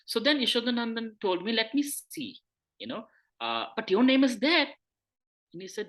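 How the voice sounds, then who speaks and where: Bright-voiced man teaching scripture. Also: extremely high pitch, very animated, fairly quick. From India. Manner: conversational, acts out quoted dialogue. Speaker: spiritual teacher. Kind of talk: scripture talk with personal story.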